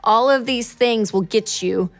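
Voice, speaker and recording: A woman in her thirties hosting a show, talking through money advice in a casual, animated way and acting out quotes. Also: measured pace, soft background music. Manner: animated, chatty, acts out quotes in a higher voice. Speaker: show host.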